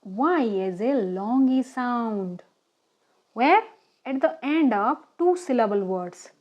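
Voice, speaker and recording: A woman teaching a children's phonics lesson, speaking slowly and deliberately and often checking in with "okay?". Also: fairly high pitch, lively intonation, darkish tone, highs cut off.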